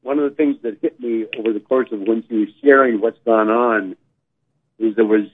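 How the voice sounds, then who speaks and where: A man's voice: mid-range voice, moderate pace. A man commissioner making conversational comments at a board meeting, with small restarts. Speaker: utility commissioner. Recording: husky phone-like audio.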